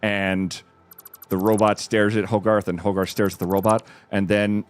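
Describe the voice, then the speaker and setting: Excitable male streamer retelling a story. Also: normal speed, clear, resonant tone, soft background music. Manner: excited retelling, frequent restarts, dramatic jumps in pitch. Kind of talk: animated storytelling while gaming. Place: home.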